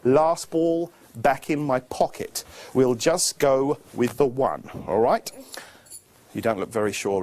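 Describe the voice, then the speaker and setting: A man performing a live children's magic show, teaching tricks and coaxing young helpers in a playful, animated way. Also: mid-range voice.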